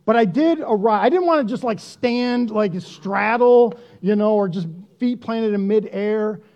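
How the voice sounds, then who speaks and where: A man preaching a sermon in a conversational, self-deprecating and animated way. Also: high-pitched, measured pace, dull audio. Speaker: pastor.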